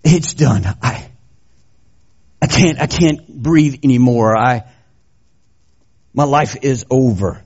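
A man's voice: medium pitch, a little mellow, husky, voice pushed down. A man putting on the voice of a weak dying man who halts and gasps out his last words. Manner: faint, halting, breathless. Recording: dull lo-fi recording.

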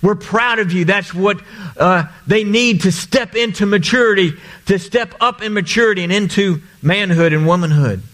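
Earnest high-voiced male pastor preaching. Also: moderate pace, fairly bright tone. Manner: earnest, repeats phrases for emphasis. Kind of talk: sermon.

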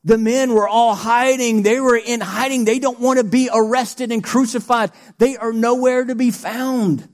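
A man preaching a sermon, animated, swinging between shouted praise and quiet asides. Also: very high voice, moderate pace, few pauses.

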